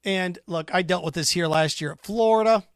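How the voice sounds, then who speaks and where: A man with a high, bright-pitched voice rants through a sports talk monologue, combative and sarcastic. He fires rhetorical questions and scoffs at his critics. The sound is dry and close. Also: moderate pace, smooth, dry recording. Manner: combative, sarcastic, mocks imagined callers in put-on voices. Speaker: sports radio host.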